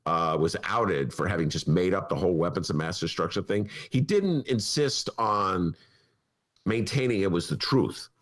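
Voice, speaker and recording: Man, talk show host, low voice, lively swings, rambling, laughs a lot. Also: vocal fry. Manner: animated, rambling, laughs often. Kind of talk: casual political talk.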